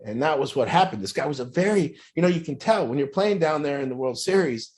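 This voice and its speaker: A man telling a long personal story in a casual, rambling way, with many fillers and restarts, putting on a higher voice for quoted lines. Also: lively intonation, fast, a little mellow, a little hiss or hum. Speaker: group speaker telling a story.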